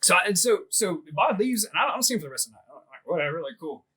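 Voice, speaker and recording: Male podcast host, slightly higher voice, rambling profane storyteller who laughs a lot. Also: big pitch swings, very fast, bright, forceful tone, slightly rough, rough recording. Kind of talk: casual storytelling chat.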